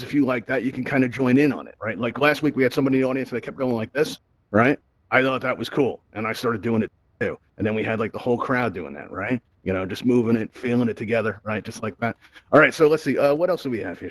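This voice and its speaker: A man's voice: mid-range voice, no room sound, low-quality recording. A man hosting a live virtual-reality tutorial, chatty and upbeat, who keeps asking "right?" into a headset mic. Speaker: VR event host.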